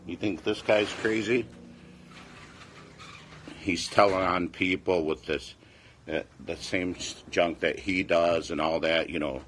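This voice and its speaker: A man's voice: deep voice, a bit bright, a little hiss or hum. A man in his forties, a fitness vlogger, chatting casually and rambling defensively, repeating himself. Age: 40s. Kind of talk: casual livestream chat.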